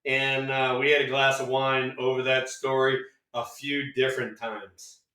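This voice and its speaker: A man's voice: medium pitch, a little slow, far from the mic. An older man co-hosting a casual podcast, telling stories with plenty of swearing and acting out the dialogue. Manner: animated storyteller who acts out dialogue, swears freely. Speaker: co-host, former baseball player. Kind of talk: casual storytelling chat. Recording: echoey room, off-mic.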